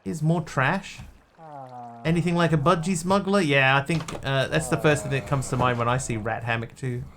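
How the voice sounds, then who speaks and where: Gravelly-voiced man musing through a game. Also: a little high, normal speed, fairly bright tone, a little hiss or hum. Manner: rambling, talks to himself while playing. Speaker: streamer. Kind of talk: casual gameplay commentary.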